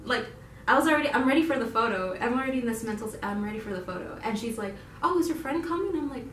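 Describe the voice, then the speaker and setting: A woman's voice: sits high, very fast, slight background noise. Giggly young woman telling a story in a roomy space. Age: young adult. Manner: animated, giggly, quotes herself in excited voices. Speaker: YouTube channel co-host. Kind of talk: casual storytelling to viewers. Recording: roomy echo, voice from a distance.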